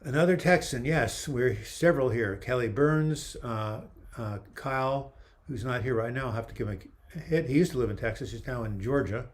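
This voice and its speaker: At a moderate pace and mid-range pitch, a man runs a casual webcam livestream, fielding viewer questions. He reads comments aloud and kids around, chatty even as his voice is going.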